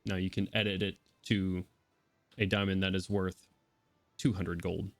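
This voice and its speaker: A man narrating as game master of a tabletop role-playing game, brisk and descriptive. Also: deep voice, flat delivery, no room sound.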